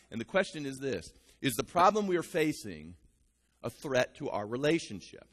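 A male pastor preaching an animated sermon, talking straight to his congregation. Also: mid-range voice, normal speed, big-room sound.

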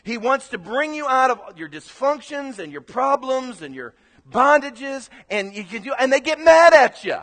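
A man preaching as pastor in a sermon, animated, swinging from quiet asides to loud emphatic bursts. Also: very high voice, normal speed, in a large hall.

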